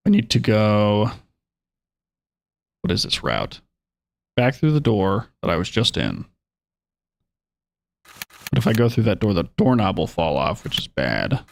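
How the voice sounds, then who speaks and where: Animated man narrating his gameplay. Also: lowish voice, creaky. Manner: chatty, narrates his own moves, wry asides. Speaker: streamer playing a horror video game. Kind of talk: live gameplay commentary.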